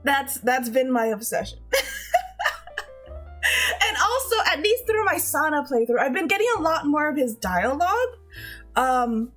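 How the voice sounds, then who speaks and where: A woman's voice: high voice, big pitch swings, unhurried, pauses often, fairly bright tone, soft background music. A woman streamer chatting casually with her viewers, gushing, giggling often and swearing freely, with frequent restarts.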